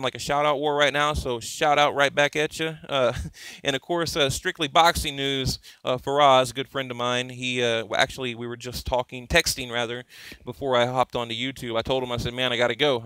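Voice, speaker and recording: A man talking casually to his YouTube viewers about boxing, excitable and rambling, full of fillers and restarts. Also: medium pitch, smooth, no echo. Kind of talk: casual fan commentary to camera.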